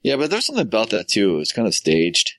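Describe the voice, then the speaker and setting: A man's voice: fairly low pitch, wildly swooping pitch, fast talker, fairly bright tone, no echo. A man co-hosting a casual gaming podcast, playful and rambling. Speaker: podcast co-host. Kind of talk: casual chat.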